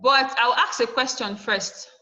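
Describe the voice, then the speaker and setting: A woman teaches a class over a video call. Her voice sits fairly high and rings bright and forceful. She asks the class questions, answers them herself, and repeats the points she wants them to remember. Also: measured pace, highs cut off. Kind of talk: online class lesson.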